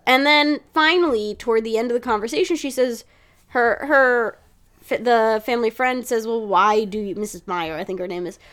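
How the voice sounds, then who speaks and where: A woman co-hosting a podcast, chatting casually about a TV episode, animated and swearing freely. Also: a little high, moderate pace, smooth. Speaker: podcast co-host. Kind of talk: casual chat recapping a TV episode.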